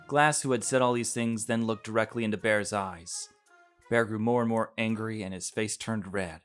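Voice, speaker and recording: Low-voiced man narrating a visual novel. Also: normal speed, a bit bright, soft background music. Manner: plain storybook narration. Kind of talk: reading a visual novel aloud.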